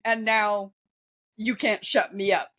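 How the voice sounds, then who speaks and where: A woman in her fifties, a guest author and former ghostwriter, talks candidly with easy laughter in a conversational interview. Her mid-range voice is a bit bright, slow, and shows little pitch movement.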